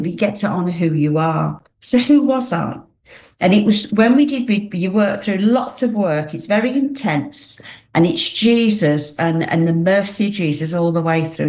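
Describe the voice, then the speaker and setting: A woman's voice: lowish voice, a little mellow. A woman giving a heartfelt personal testimony as an interview guest, speaking earnestly and often restarting her sentences.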